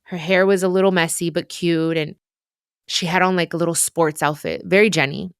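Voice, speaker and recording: A woman in her thirties hosts her podcast in a reflective personal monologue, her voice sitting on the low side. She talks earnestly and confessionally, with soft pauses. The close mic leaves the sound dry, with no room around it. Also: fairly even intonation, clear, resonant tone, no echo. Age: 30s. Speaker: podcast host.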